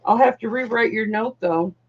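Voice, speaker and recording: A woman with a voice on the high side hosts a live online jewelry auction at normal speed, chatting casually and calling viewers darling, honey and doll. It's relaxed live-stream selling talk, and the sound is dull and lo-fi.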